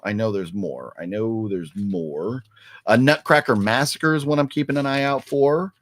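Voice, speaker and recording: A man's voice: fairly low pitch, moderate pace. A man talking casually on a live stream, rambling with lots of fillers and restarts as he answers chat. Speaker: vlogger reading live chat.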